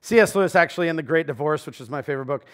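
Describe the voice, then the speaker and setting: A pastor preaches in a conversational way. His voice sits a bit high for a man. He jumps between loud emphasis and quiet asides as he speaks to the congregation. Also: very fast. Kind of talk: sermon. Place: church sanctuary.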